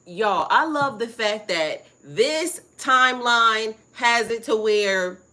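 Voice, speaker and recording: A middle-aged woman, hosting a casual spiritual live stream in a rambling, excitable, profane way. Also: on the high side, slow pace. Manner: rambling, excitable, profane, greets viewers by name.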